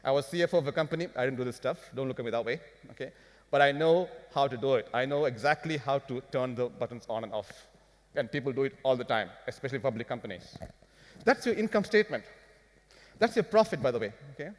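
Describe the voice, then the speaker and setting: A man giving a live finance talk to an audience, animated and firing rhetorical questions at the crowd. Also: medium pitch, fast talker. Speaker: business speaker. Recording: long hall reverb.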